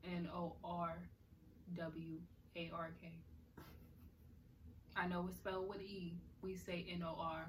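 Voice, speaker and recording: A young woman from Central New Jersey co-hosting a podcast in casual chat, talking in an animated, emphatic way. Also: on the low side, takes it slowly, long pauses. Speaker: podcast co-host. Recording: distant mic with faint noise.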